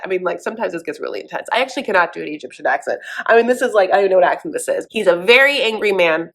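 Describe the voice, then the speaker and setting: A woman's voice: on the low side, animated, rapid-fire, hardly any pauses. A woman hosting a comedic reality TV recap, sassy and sarcastic, who calls listeners honey. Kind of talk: comedic commentary.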